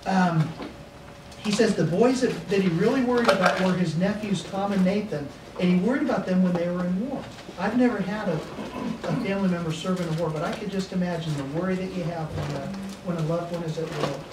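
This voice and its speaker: Folksy middle-aged pastor, heard from afar. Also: male voice, sits high, brisk. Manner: folksy, chuckling storyteller. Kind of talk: storytelling seminar talk. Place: seminar room. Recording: echoey room from a distance, noisy.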